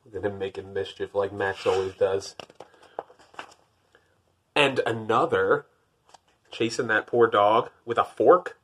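A man reading a picture book aloud, lifting his voice for the narration and dropping to wry, deadpan jokes in between. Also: takes it slowly, pauses often, a little hiss or hum. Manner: wry, deadpan joking asides; rises for narration, drops low for asides. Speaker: podcast host.

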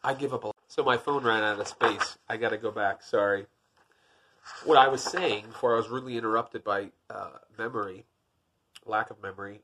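A man's voice: on the low side, sharp tone, husky. A man reading a picture book aloud, breaking off for dry, wry, self-deprecating jokes between the pages. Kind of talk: storybook reading with joking asides.

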